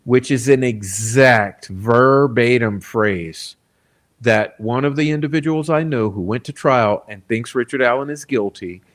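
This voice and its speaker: A man's voice: mid-range voice, unhurried. Blunt, combative male crime commentator. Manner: blunt, combative, frequent "okay?" asides. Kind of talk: casual commentary reading quotes.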